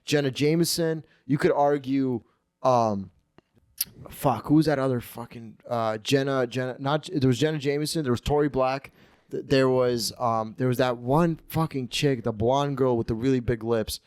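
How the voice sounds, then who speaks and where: A man's voice: medium pitch, normal speed, darkish tone, clear, resonant tone, no room sound. A man in his twenties hosting a casual comedy podcast, telling crude, profane stories in a rambling way. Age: 20s. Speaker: podcast host.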